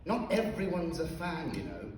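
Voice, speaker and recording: A man voicing a sharp, teasing young girl with an English accent and a dry, quick-witted manner. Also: on the high side, sing-song, far from the mic, slight background noise. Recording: echoey hall, voice heard from afar.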